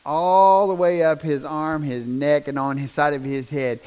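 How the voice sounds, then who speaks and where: A middle-aged man, telling a personal testimony in a folksy, animated storytelling way. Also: a little high, a little slow, smooth, poor audio. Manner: animated, down-home storyteller with rising bursts of emphasis. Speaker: speaker sharing a personal testimony.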